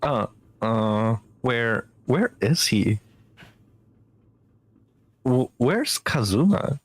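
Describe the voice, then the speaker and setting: A man's voice: mid-range voice, big pitch swings, extremely slow, breathy edge, dry recording, full character voice. A man doing a stammering young suspect. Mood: panicked. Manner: stammering, panicky. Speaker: streamer host.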